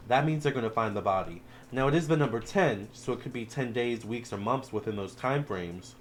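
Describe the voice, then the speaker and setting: A man's voice: medium pitch, lively intonation, a little fast, few pauses, slight background noise. A man giving a casual tarot reading to viewers, chatty and emotional, calling them y'all and child, teary-eyed toward the end. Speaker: tarot reader.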